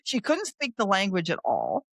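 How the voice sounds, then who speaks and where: A middle-aged woman recruiter hosting an interview, telling stories in a quick, animated way and acting out what other people said. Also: mid-range voice, gravelly, breathy edge, dry recording, clean studio sound. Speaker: staffing recruiter and podcast host. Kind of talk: casual interview storytelling.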